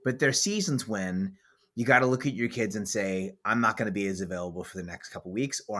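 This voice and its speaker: A man's voice: fairly low pitch, pushed and bright. A man hosting a podcast as author and coach, talking in a blunt, emphatic way with vivid swearing. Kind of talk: casual podcast conversation.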